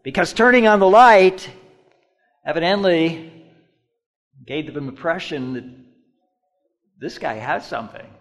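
The pastor, a middle-aged man whose voice sits a little high, delivers a sermon that swings from loud storytelling to hushed, deliberate stress. He stretches out his repeated phrases.

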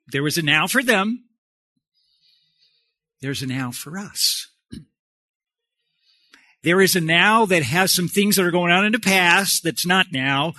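A man's voice: sits high, pushed and bright, no echo. A man preaching a sermon as pastor, emphatic and repetitive, putting questions to the congregation.

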